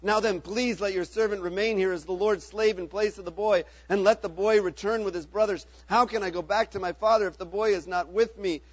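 A man's voice: sits high, fairly even intonation, fairly quick, few pauses, dry recording, dull audio. A man reading the part of a grown brother who pleads urgently before a ruler, from a storybook of scripture. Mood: pleading.

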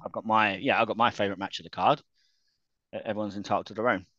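A man's voice: lowish voice, steady tone, fast, fairly bright tone, no room sound, lo-fi sound. A man chatting casually about wrestling as a podcast co-host, laughing often and restarting his sentences.

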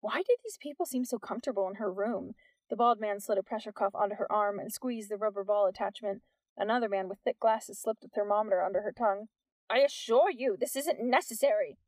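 A woman's voice: mid-range voice, quick pace, a little mellow, no echo. Woman narrating a novel, dry sound.

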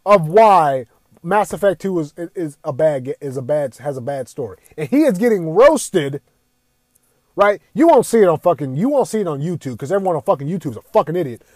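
A young man with a high voice delivers a profane, exasperated rant about gaming. The sound is dry and close, with no room around it. He swears constantly and keeps circling back to his complaints. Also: a little mellow, no room sound. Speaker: gaming commentator. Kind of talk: ranting commentary.

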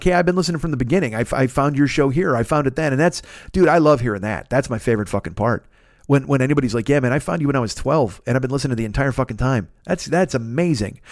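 A man hosting a podcast alone, rambling and swearing as he talks excitedly with lots of restarts. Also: a little high, no room sound, clean studio sound. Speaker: podcast host. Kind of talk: casual solo podcast monologue.

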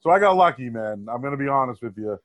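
On a relaxed podcast, a thirtysomething sports radio host from around Boston recounts his story, his accent strong and his talk easygoing and full of slang. He speaks quickly and expressively at a medium pitch in a dry recording.

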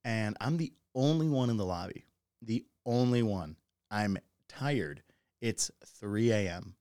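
A man's voice: fairly low pitch, lively intonation, takes it slowly, darkish tone, clear, resonant tone, no room sound, studio quality. A man hosting a podcast, telling stories in a loose, profane way and often breaking into laughter. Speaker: podcast host. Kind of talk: casual solo podcast monologue.

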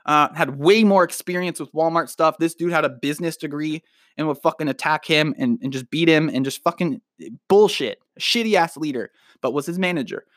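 A young man talks straight at the listener in a swearing, emphatic motivational rant, calling them dude. His voice sits a little higher than most men's. The recording is dry and close, with no room sound. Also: no echo. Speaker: podcast host. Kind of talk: motivational monologue.

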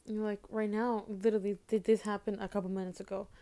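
A young woman venting to camera about her home life, halting and repeating herself as she holds back tears. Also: mid-range voice, flat delivery, dark tone. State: upset, holding back tears. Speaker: vlogger. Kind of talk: emotional personal vent to camera.

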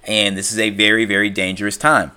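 A man talks through a film's story in an easygoing, rambling way, dropping fillers and quoting characters in his own voice. His voice sits a bit low, with a bright, forceful edge. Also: flat delivery, a little fast, smooth. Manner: loose retelling with many fillers and "he's like" quotes. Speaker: film recapper. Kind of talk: casual spoken film recap.

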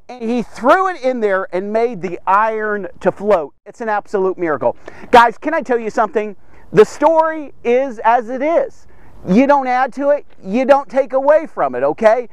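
A man with a very high voice teaches a Bible passage in a chatty, animated way. He keeps checking in with his listeners and acts out the people in the story. The recording is dry and close. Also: normal speed, dry recording. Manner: keeps checking in with "okay?" and "here's the thing". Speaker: devotional podcast teacher.

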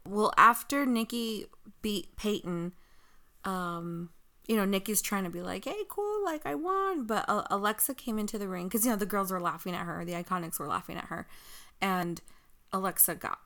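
A woman's voice: fairly low pitch, bright, forceful tone. A woman co-hosting a podcast in casual chat. She laughs often and rambles, with lots of "like" and restarts. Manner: giggly, rambling, full of "like" and restarts. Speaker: podcast co-host. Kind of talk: casual chat recapping wrestling.

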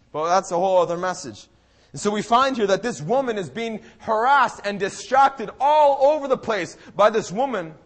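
A young man preaching a sermon, who acts out the people of the story and breaks into loud cries. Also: very high-pitched. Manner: dramatic, acts out the people in the story, bursts into shouted pleas.

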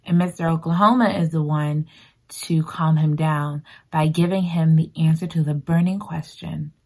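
A woman recapping a book in a casual, expressive way, exclaiming and reacting emotionally as she talks. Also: low voice, moderate pace. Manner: expressive and emotional, exclaiming and talking back to the story. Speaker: book reviewer.

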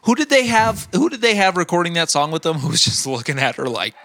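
A man's voice: fairly high pitch, sing-song, fast talker, pushed and bright. A young man co-hosting a casual comedy podcast, playful and giggly, often fumbling for words. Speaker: podcast co-host.

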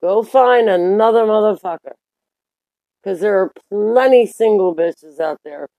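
A woman's voice: mid-range voice, measured pace, warm tone, no room sound. A young adult woman hosting her own podcast in a candid, profane, rambling monologue full of fillers. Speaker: podcast host.

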